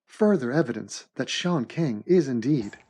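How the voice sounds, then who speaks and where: A man's voice: medium pitch, unhurried. Man in a sarcastic comedy voiceover. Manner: mock-serious, deadpan sarcasm. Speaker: host and narrator of an animated commentary.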